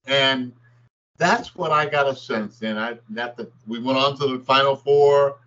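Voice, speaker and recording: A man's voice: medium pitch, normal speed. An older man, a former basketball player, telling stories in an interview and acting out the quotes. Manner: animated storyteller, acts out quotes. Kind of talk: storytelling interview. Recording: dull lo-fi sound.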